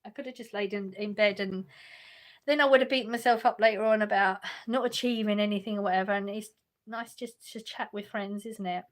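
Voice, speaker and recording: Speaking a little fast with a mid-range voice and fairly even intonation, a woman chats casually on a livestream from her home sofa. She reads viewers' messages aloud and responds, frequently laughing and starting over.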